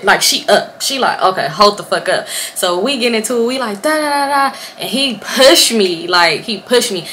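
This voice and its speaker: A young woman telling a casual storytime vlog, animated and profane, laughing often. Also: medium pitch, a little hiss or hum. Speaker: vlogger.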